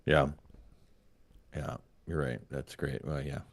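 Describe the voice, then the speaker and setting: A man's voice: a bass voice, little pitch movement, takes it slowly, dry recording. A man co-hosting a podcast about fatherhood, thinking aloud in a thoughtful, searching way. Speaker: podcast co-host. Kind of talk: reflective casual conversation.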